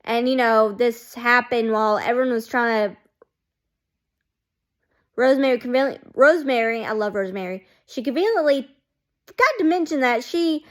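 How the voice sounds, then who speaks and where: A woman's voice: fairly high pitch, lively intonation, normal speed. A woman chatting casually to her camera as a fan vlogger, rambling and saying "like" constantly. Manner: rambling, heavy use of "like", chatty. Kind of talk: casual chat.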